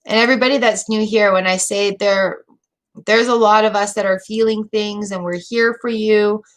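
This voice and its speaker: A woman's voice: medium pitch, fairly even intonation, moderate pace. A middle-aged woman giving a live tarot reading, chatty, emotional and rambling with fillers. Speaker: tarot reader.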